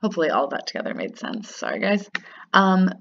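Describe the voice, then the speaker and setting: A woman teaching a recorded grammar lesson, upbeat and patient, repeating words slowly so they sink in. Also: on the low side, big pitch swings, creaky. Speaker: French teacher. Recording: dull lo-fi sound.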